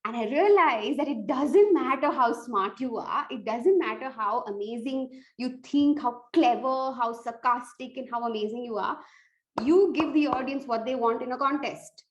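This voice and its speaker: A woman's voice: high voice, moderate pace, highs cut off. A woman giving earnest, direct tips on evaluating speeches, restarting phrases as she goes. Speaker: speech contest coach.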